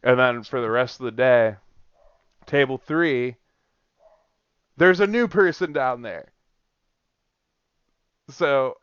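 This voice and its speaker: A podcast host in casual chat, a man telling stories with plenty of swearing and bursts of laughter. His voice sits at a middling pitch. The sound is dry and dull, like a cheap lo-fi setup. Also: clear, resonant tone, no room sound. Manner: animated storytelling, frequent swearing and laughter.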